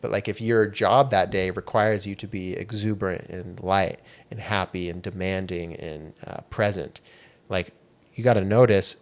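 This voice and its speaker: Casual low-voiced male podcast host. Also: steady tone, moderate pace. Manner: rambling, heavy on "like" and "you know". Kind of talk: casual chat.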